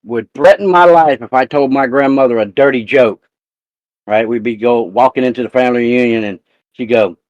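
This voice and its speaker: A man's voice: mid-range voice, darkish tone, no room sound, lo-fi sound. A man hosting a live talk show, telling a profane family story in casual chat.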